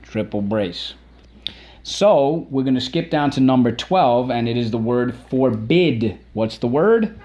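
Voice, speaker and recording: Mellow-voiced man teaching a spelling lesson. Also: mid-range voice, expressive, highs cut off. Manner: drills words aloud, repeats them slowly and emphatically; encouraging, asks questions and praises.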